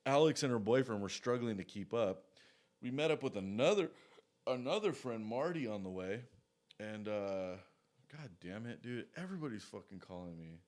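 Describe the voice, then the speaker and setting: A man's voice: fairly low pitch, expressive, moderate pace, a little mellow. A man telling a story in a casual, rambling way, swearing a lot and trailing off into asides.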